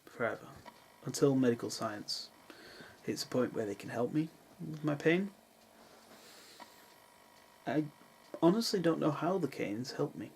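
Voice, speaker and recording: Young male vlogger, gravelly, deadpan humour, faint room noise. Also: a little high, unhurried, poor audio. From England. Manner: dry, self-mocking asides. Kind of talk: casual vlog chat. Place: parents' house in the countryside, with cats.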